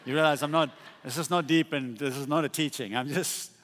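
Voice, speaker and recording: Impassioned preacher in an echoing hall. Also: male voice, on the high side, steady tone, a little fast. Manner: impassioned, rising to exclamations then dropping to soft asides. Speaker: pastor. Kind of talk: sermon. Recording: long reverb of a large hall.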